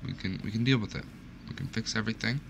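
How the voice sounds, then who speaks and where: A young man narrating his own gameplay in a lowish voice, moving between nervous muttering and yelps of alarm. He jokes at his own expense and talks straight to the creatures. The home recording carries clear background noise and keyboard typing. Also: fast. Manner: panicky, self-mocking, talks to the game. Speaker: gaming streamer. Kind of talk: live gameplay commentary.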